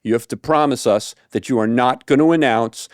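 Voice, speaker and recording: A man, a saxophone tutor, casually telling a story in an animated way with many fillers, acting out the quotes. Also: mid-range voice, a little fast, dry recording, studio quality.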